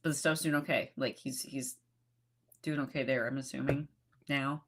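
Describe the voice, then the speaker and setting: A woman's voice: extremely low pitch, steady tone, moderate pace, noisy background. A woman co-hosting a casual livestream chat, greeting viewers by name and laughing often. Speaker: co-host, author.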